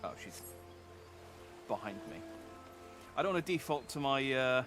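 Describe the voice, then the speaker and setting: A man's voice: medium pitch, animated, moderate pace, over music. A man streaming as a VTuber, chatting casually through a game and often correcting himself mid-sentence. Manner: rambling, self-correcting, chatty. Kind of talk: casual gameplay commentary.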